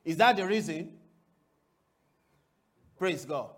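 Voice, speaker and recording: A male preacher with a high voice who takes his time, drawing the congregation in with repeated questions. He shifts from booming declarations to soft, low asides as he works through the scripture. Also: animated, slow pace. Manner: call-and-response preaching, rhetorical questions; swings between loud declarations and quiet asides. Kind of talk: sermon.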